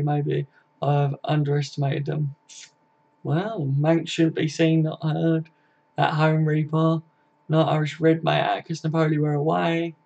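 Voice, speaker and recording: A young man chats loosely on a home live stream, swearing and calling everyone "mate". His voice sits a bit high and stays fairly flat in pitch. The audio is dull and lo-fi. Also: vocal fry. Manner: chatty, laddish, swears freely, says "mate" a lot. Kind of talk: casual live stream chat reading viewer comments.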